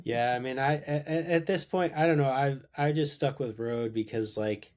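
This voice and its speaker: A man's voice: mid-range voice, moderate pace, a little mellow. A man in his thirties, a podcast guest, chatting casually in an enthusiastic, rambling way with many restarts. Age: 30s. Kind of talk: casual chat.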